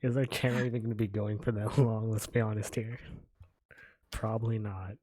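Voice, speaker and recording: A man's voice: on the low side, little pitch movement, moderate pace, darkish tone, a little hiss or hum. A man co-hosting a casual podcast, joking and teasing his friends, often laughing. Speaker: podcast co-host.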